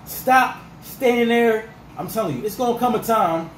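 Fired-up ranting man, high voice. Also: moderate pace, reverberant, noisy background. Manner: fired-up, repetitive, peppered with 'freaking' and 'dog'. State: voice going rough. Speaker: sports fan vlogger. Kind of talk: ranting sports reaction.

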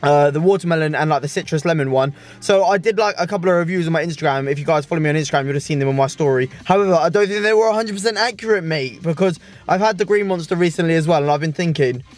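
Racing along with hardly a pause, a young Englishman with a high-side voice and English accent vlogs casually to camera. He swears, uses slang and keeps tagging on "mate" as the scene shifts from his home to a car and then outdoors.

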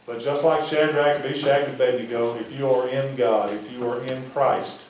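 A man preaching a folksy sermon as pastor, dropping his voice low to press a point. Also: steady tone, normal speed, hardly any pauses. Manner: folksy preaching, drops to near-whisper for emphasis. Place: church hall. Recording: very echoey room from far off, faint noise.

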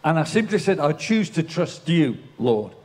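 A man's voice: on the high side, very animated, moderate pace, a little mellow. Older man preaching a sermon. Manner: storytelling, builds to emphatic declarations. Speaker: pastor. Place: church.

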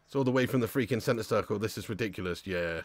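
A man hosting a live football watch-along, commentating as an excitable, swearing fan. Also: lowish voice, fast talker, no room sound.

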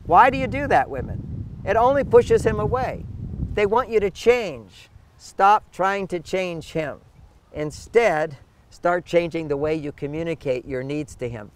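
This older male guest, a relationship author, has a high-pitched voice with lively intonation and an unhurried pace, with slight background noise present. In his interview answers he's emphatic, regularly performing what partners might say.

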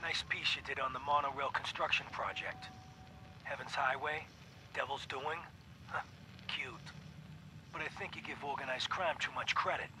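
A man's voice: medium pitch, fairly even intonation, moderate pace, long pauses, noisy background, close to an everyday voice. An actor playing a scheming male mob boss, talking smugly and menacingly in a recorded game audio log. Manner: smug, menacing.

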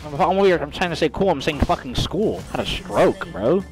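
A young male streamer commentating his own gameplay, frustrated and swearing constantly. His voice sits high and leaps wildly between grumbling lows and shrill peaks. Faint music plays behind him. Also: big pitch swings, moderate pace, few pauses, poor audio. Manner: frustrated, swearing, ranting at teammates; swings from low mutters to shrieking outbursts.

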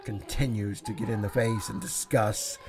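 A man's voice: fairly low pitch, steady tone, moderate pace, a little mellow. A man doing solo wrestling commentary over a streamed show, enthusiastic and chatty, talking straight to his viewers.

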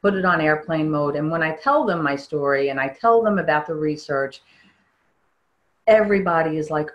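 Earnest woman with a low voice. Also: rough recording. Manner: earnest, halting, with frequent restarts. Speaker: interviewee. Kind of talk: personal testimony interview.

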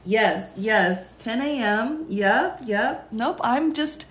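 A woman's voice: a little high, expressive, slow. A woman who is a lawyer and law teacher, hosting a casual live stream, chatting and laughing often as she reads viewer comments aloud. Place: indoor room, streaming live. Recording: roomy echo.

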